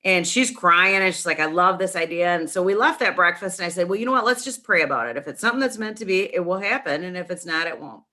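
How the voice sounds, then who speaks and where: A middle-aged woman, a nonprofit founder and interview guest, chatting and telling a long story with animated restarts. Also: lowish voice, fast talker, hardly any pauses.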